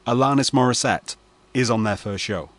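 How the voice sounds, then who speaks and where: A man's voice: mid-range voice, normal speed, a bit bright, no echo. A man hosting late-night radio banter, spinning a mock-serious story full of fillers. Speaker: radio host.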